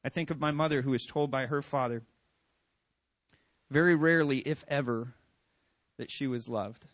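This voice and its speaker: A man in his forties preaching a sermon as a pastor, earnest and rising to loud, emphatic stretches as he tells stories about his children. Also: mid-range voice, normal speed, dry recording.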